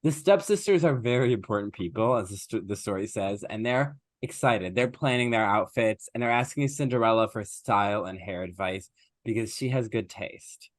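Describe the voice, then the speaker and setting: A man co-hosting a podcast, casually retelling a fairy tale and briefly acting out its characters in quick little voices. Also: fairly low pitch, no room sound, clean studio sound. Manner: animated, acts out characters in quick voices, laughs often. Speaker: podcast co-host. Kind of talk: casual chat, retelling a story.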